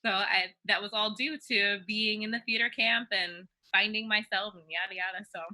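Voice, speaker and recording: A woman's voice: mid-range voice, steady tone, moderate pace, pushed and bright, low-quality recording. A woman co-hosting a podcast, speaking upbeat and giggly in casual chat. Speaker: podcast co-host.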